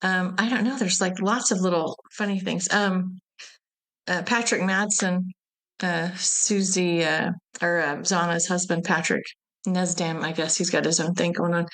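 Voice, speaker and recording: A woman's voice: on the low side, steady tone, a little slow, fairly bright tone. A woman, a festival's event director, chatting as an interview guest and telling rambling, laughing anecdotes. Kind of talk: casual interview chat.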